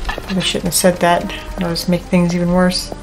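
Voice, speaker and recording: A woman's voice: fairly low pitch, monotone, a little fast, over music, low-quality recording. Jumpy woman narrating a horror game. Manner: jumpy, talks to herself, nervous jokes. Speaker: gaming YouTuber. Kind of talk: horror game let's play commentary.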